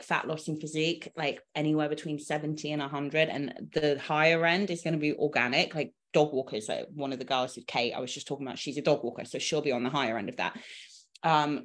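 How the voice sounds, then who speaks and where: A woman co-hosting a casual fitness podcast, giving chatty, animated coaching advice. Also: sits low. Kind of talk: casual chat.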